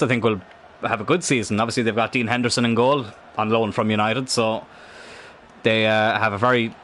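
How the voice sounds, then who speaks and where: A man streams a football video game, chatting and reacting as he plays. He rambles between asides and swears at the game. His voice has a bright, forceful edge. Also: mid-range voice, slight background noise. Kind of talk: live gameplay commentary.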